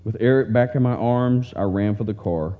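A man's voice: on the low side, normal speed. A man preaching, reading a heartfelt story aloud in a tender, earnest way, recorded in dull lo-fi sound.

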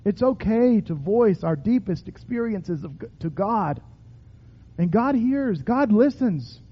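Slow high-voiced male preacher in a hall. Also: breathy edge. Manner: measured, emphatic preaching with repeated phrases. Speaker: pastor. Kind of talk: sermon prayer. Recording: reverberant hall, dull lo-fi sound.

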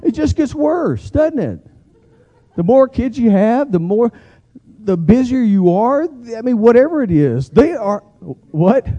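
A man preaching a sermon, animated and emphatic, getting the congregation to repeat key phrases. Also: very high voice, measured pace, highs cut off. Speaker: pastor.

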